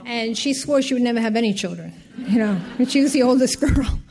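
A woman's voice: on the high side, expressive, brisk, dark tone. Older woman telling a rambling testimony. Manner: rambling, heartfelt storytelling with many asides. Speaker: speaker giving a personal testimony. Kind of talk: personal faith testimony.

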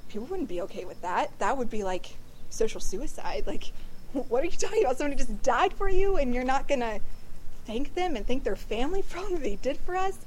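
A woman's voice: sits high, very animated, brisk. Earnest teen girl giving a church talk. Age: late teens. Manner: chatty, earnest, frequent 'like'. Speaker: youth speaker at a confirmation event. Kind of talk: casual inspirational talk. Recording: noisy recording with clicks.

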